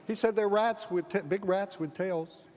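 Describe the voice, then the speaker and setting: High-pitched man telling comic stories. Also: moderate pace, a little mellow. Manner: rambling comic storyteller, acts out dialogue. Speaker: keynote speaker. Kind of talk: humorous storytelling speech. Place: large event hall. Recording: long hall reverb, faint background ambience.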